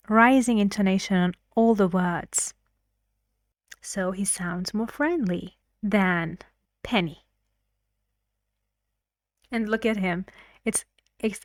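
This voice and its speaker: A woman teaching intonation at a slow, deliberate pace, echoing short phrases back so learners can copy them. Her voice is dry and close, with no room sound around it. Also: mid-range voice, a little mellow. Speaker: English teacher. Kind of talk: intonation lesson, explaining clips.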